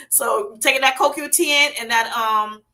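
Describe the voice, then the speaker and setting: A woman's voice: a little high, bright, forceful tone. A woman with a Southern US accent hosting a casual livestream, chatting with viewers and reading their comments aloud in a folksy way, laughing often. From Southern United States. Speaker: livestream host.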